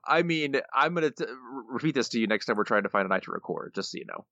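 A man co-hosting a podcast, reading listener quotes aloud with light playful emphasis. His voice is bright and forceful. The sound is dry, close and somewhat dull and lo-fi. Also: mid-range voice, lively intonation, fast talker, dry recording. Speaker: podcast co-host. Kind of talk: casual chat, reading listener answers.

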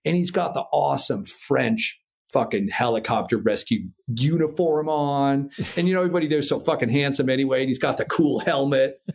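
Animated American man telling a story. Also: medium pitch, brisk, gravelly. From United States. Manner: animated, profane, acts out voices and sound effects. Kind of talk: casual storytelling.

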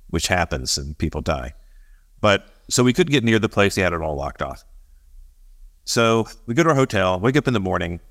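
A man co-hosting a podcast, telling a story in casual chat, animated, acting out the voices of the people he quotes and laughing often. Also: low-pitched. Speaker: podcast co-host.

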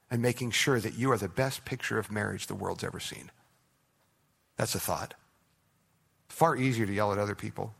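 Gravelly-voiced man preaching earnestly. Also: medium pitch. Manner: earnest, conversational preaching with soft, hushed prayerful asides. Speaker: pastor. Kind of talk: sermon.

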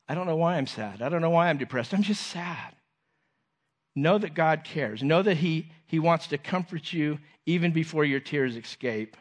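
A man preaching a sermon to a congregation, earnest, repeating his phrases and letting lines fall softly at the end. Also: a little high.

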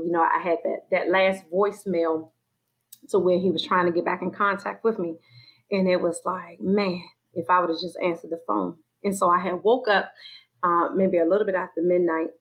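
A woman's voice: lowish voice, steady tone, a little fast, slightly rough, rough recording. A woman sharing a personal faith testimony in conversation, acting out her own inner voices as she tells it. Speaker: guest sharing her story.

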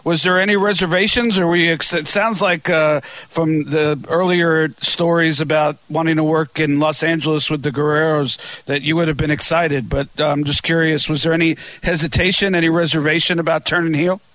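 A man's voice: a little high, fairly even intonation, fairly quick, few pauses, fairly bright tone, no room sound. A man hosting an interview, asking long, rambling questions with many restarts. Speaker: podcast host. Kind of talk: casual interview.

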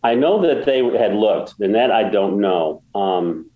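A man's voice: fairly low pitch, expressive, unhurried, echoey room, narrow, tinny audio. A man guest telling a story in a casual interview, rambling with many restarts and getting emotional. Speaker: guest, golf course builder.

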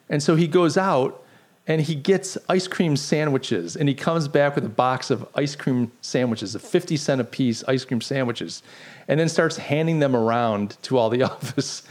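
Middle-aged male podcast host, mid-range voice, animated and sarcastic, casual commentary. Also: medium pitch. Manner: animated, sarcastic, rhetorical questions.

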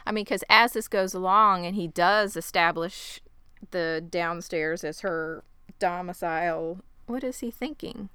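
A woman with a bright, crisp voice recaps a show for her co-host in casual chat. She tells it wryly, drops sarcastic asides and acts out the lines as she goes. The sound is close and dry. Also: on the low side, a little slow, no room sound. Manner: wry, sarcastic storytelling, acting out lines.

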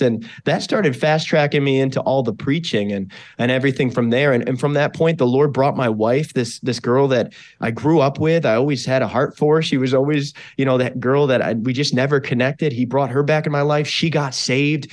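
A man from western New York, a pastor talking as a podcast guest, telling his personal testimony in an earnest, animated way, with many fillers and restarts. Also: mid-range voice, moderate pace, few pauses.

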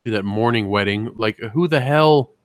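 A man's voice: lowish voice, moderate pace, smooth, dry recording. A man co-hosting a casual podcast, joking and profane, often slipping into put-on voices. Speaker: podcast co-host. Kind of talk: casual chat.

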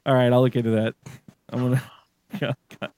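A man's voice: medium pitch, little pitch movement, moderate pace, warm tone, no room sound. A man hosting a casual podcast, rambling, swearing and laughing often. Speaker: podcast host.

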